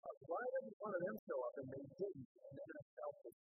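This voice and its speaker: Older male preacher, very husky and breathy, lively swooping delivery, faint music underneath. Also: very high voice, quick pace, no echo, narrow, tinny audio. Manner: earnest storytelling, rising to emphatic preaching. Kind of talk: testimony sermon.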